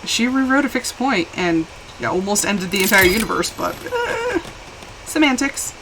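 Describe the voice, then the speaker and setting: Chatty, animated woman streamer. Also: mid-range voice, background noise. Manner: chatty, rambling, quick to laugh; animated, jumps between hushed asides and excited bursts. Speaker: game streamer. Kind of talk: casual live-stream chat while playing.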